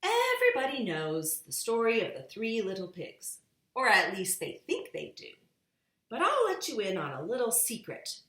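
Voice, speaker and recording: A woman's voice: mid-range voice, huge pitch swings, normal speed, a bit bright, reverberant. A woman reading picture books aloud to her nieces, playfully giving each character its own voice. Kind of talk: children's story read-aloud.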